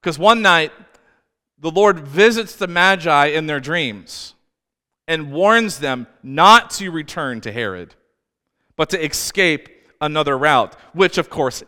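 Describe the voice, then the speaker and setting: A man's voice: mid-range voice, bright, forceful tone, clear, resonant tone. A man preaching a sermon as pastor, telling the story in a conversational way with asides. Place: church. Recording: reverberant church hall with faint music.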